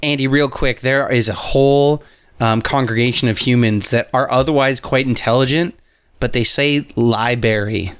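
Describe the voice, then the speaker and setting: Playful, quick-witted man on a podcast. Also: mid-range voice, steady tone, clean tone. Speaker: podcast co-host. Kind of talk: casual chat.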